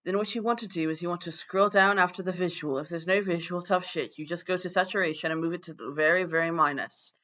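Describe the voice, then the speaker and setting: A man's voice: sits high, fairly even intonation, fast talker, hardly any pauses, bright, forceful tone, highs cut off. A man improvising a loose, rambling lecture as a self-styled teacher of a magic class.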